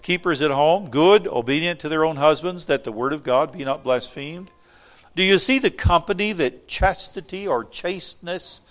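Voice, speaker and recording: A man's voice: on the high side, fairly bright tone. A man preaching a sermon, reading scripture aloud and explaining it with wry asides to the congregation.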